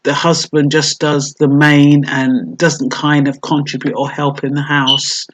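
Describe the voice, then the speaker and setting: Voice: medium pitch, little pitch movement, unhurried, low-quality recording. A vlogger giving a casual, reflective monologue, thinking aloud with many hesitations and fillers.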